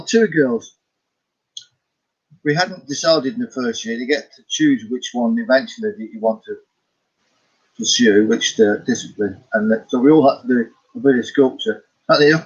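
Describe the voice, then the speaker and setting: Middle-aged Scottish artist vlogger, husky, muffled lo-fi sound, chatty and self-amused. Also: male voice, medium pitch. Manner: rambling, chuckling, talks to himself. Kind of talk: casual chat about his paintings.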